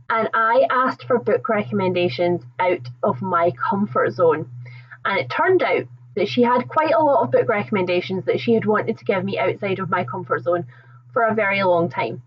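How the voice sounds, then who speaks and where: A woman with a softened Scottish accent hosting a casual book livestream, chatting warmly with viewers, reading out their comments and laughing often. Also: medium pitch, lo-fi sound. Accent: Scottish, toned down. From Scotland. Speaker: book channel host.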